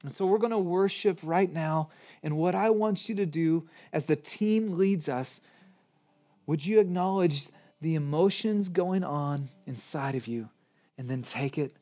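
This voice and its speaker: A middle-aged man preaching a sermon as pastor, earnest, rising to emphatic peaks and dropping to hushed prayer. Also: a little high, unhurried. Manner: earnest, swings between emphatic rises and soft hushed prayer.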